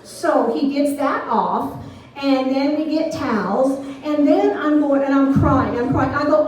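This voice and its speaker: A middle-aged woman doing stand-up, telling a story with animated, shrieking quotes of herself. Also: high-pitched, unhurried. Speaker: stand-up comedian. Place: small venue on stage. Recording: very echoey room, voice from far off.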